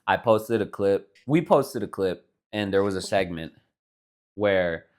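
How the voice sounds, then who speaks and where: A young man from Texas co-hosts a casual podcast. He tells his stories in a loose, rambling way, full of fillers and swearing, in a somewhat low voice. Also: a little slow. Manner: laid-back storytelling, heavy filler words and swearing. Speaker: podcast co-host. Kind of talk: casual chat.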